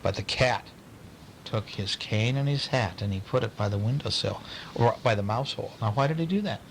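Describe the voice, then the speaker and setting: A man reading a bedtime story aloud to a child, pausing to ask questions in a playful way. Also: on the low side, vocal fry, a little hiss or hum, rough recording.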